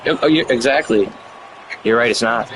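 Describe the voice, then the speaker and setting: A man's voice: mid-range voice, normal speed, a little hiss or hum, rough recording. A man trash-talking an online opponent during a live game, mocking and sarcastic, repeating his jabs over and over. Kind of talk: live gameplay chat. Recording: live stream with loud game crowd.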